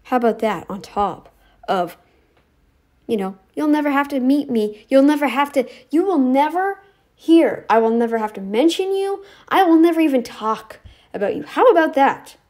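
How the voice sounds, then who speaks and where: Woman vlogger, slightly high voice, rambling sarcastic scolding rant to camera. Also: lively intonation, normal speed, a little mellow. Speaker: YouTube commentator. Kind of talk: ranting direct-to-camera commentary.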